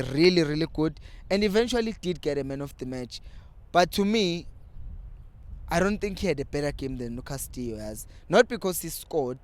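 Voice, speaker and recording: A young South African man with a local accent, giving lively casual commentary as host of a football fan channel. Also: on the high side. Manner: animated, switching between English and Zulu.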